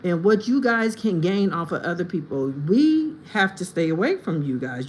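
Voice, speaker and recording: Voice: mid-range voice, very animated, moderate pace, hardly any pauses, slight background noise, low-quality recording. A livestreamer from the United States talks to viewers in chat in a long, rambling monologue that turns heated and confrontational.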